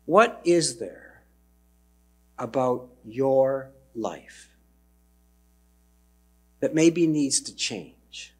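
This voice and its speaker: Husky male preacher, slow and emphatic. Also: animated. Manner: slow, emphatic, dropping low on key words. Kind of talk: sermon.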